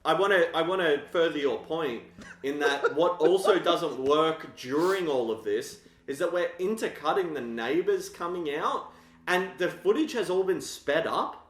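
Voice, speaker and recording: A man's voice: a little high, lively intonation, normal speed. A man co-hosting a film podcast, talking casually and thoughtfully about filmmaking. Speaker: podcast co-host. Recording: roomy echo.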